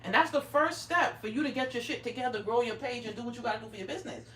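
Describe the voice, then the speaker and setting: A middle-aged woman hosts a craft livestream from her home craft room, chatting casually while she crafts in a brash, profane, bossy, teasing way. Her voice is a little high, quick, and a bit bright, picked up by a distant mic with roomy echo and a little hiss or hum as she speaks away from it.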